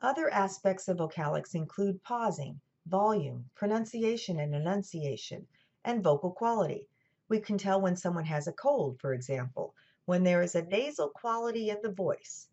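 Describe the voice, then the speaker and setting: Woman lecturer with a General American accent, a touch low, measured delivery, dull recording. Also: expressive, a little mellow. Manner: clear, measured explaining with dry asides. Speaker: college lecturer. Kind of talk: scripted lecture narration.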